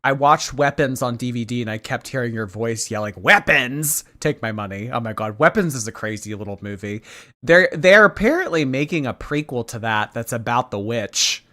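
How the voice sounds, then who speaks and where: A man's voice: mid-range voice, animated, brisk, pushed and bright. Sarcastic man streaming live commentary. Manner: sarcastic, teasing. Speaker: live streamer reacting to videos.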